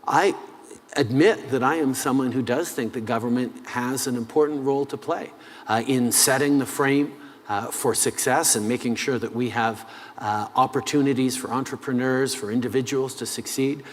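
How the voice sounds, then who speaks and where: A man gives measured interview answers, stopping often on "uh" as he builds his points. His voice sits in a middle pitch. The sound carries a long reverb, as if in a large hall. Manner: measured, with frequent "uh" pauses. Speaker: head of government being interviewed.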